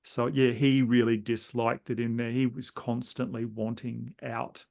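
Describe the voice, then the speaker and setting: Male host, gravelly voice, meandering reflective chat, conversational interview tone. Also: medium pitch, flat delivery, a little slow, a little mellow. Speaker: podcast host.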